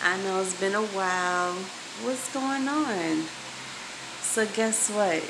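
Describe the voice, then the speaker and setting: A woman's voice: lowish voice, takes it slowly, creaky, long pauses, background noise. A woman vlogging to her viewers, venting emphatically and swearing freely as she talks straight to the camera. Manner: emphatic, profane, addresses viewers directly.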